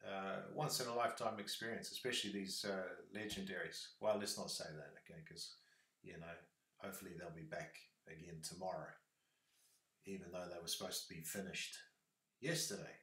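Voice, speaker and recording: A man's voice: low-pitched, steady tone, moderate pace, a bit bright, echoey room. A man with a New Zealand accent chatting casually on a livestream, rambling with lots of fillers.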